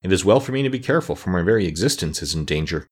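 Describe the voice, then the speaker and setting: Calm whimsical scarecrow king read by a man, lively, a bit husky. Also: sits low. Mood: calm, musing. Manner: unhurried, mildly lofty and reflective. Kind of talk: audiobook character reading.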